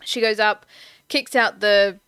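A woman's voice: medium pitch, steady tone, slow pace, a bit bright, smooth, dry recording. A woman co-hosting a podcast, summarising a film's plot in casual chat, with hesitant ums and the odd casual swear. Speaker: podcast co-host. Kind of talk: casual film recap chat.

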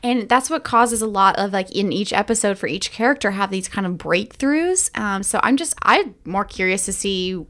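A woman's voice: mid-range voice, expressive, normal speed, few pauses, fairly bright tone. Frank woman co-hosting a review chat. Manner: frank, conversational. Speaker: podcast co-host.

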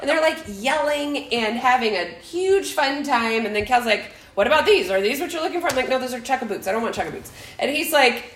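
A woman's voice: on the high side, a little fast, few pauses, reverberant, low-quality recording. A middle-aged woman telling a family story in casual chat, acting out quotes with laughter. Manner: animated, acts out quotes with laughter.

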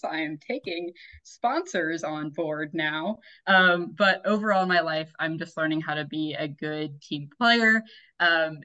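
A young woman, a flight instructor, chatting as a podcast guest in a bubbly, animated way. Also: low-pitched. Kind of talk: casual interview chat. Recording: dull lo-fi audio.

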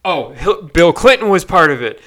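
High, bright, ranting profane man. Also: big pitch swings, normal speed. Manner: profane, frustrated ranting with frequent fillers and restarts. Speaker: podcast host. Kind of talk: solo rant podcast.

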